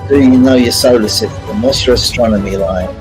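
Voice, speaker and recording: Over music on a rough recording, a man hosts a live-streamed multiple-choice quiz at a brisk pace in a medium-pitched voice. Chatty and full of jokes, he greets viewers by name as he goes through the questions.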